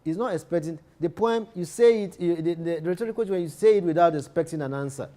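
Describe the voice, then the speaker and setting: A man lectures on literature in a slightly high voice. He repeats each key phrase and often breaks off to restart a sentence. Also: fast talker, warm tone. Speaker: literature teacher.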